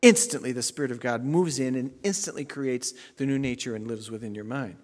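A man preaching a sermon as pastor, swinging between loud emphatic declarations and quiet asides. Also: medium pitch, fairly quick, long reverb tail.

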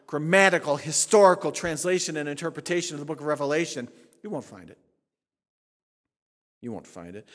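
Fiery male preacher in a reverberant hall. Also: a little high. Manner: swings from shouting to hushed, dramatic preaching. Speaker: pastor. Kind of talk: sermon.

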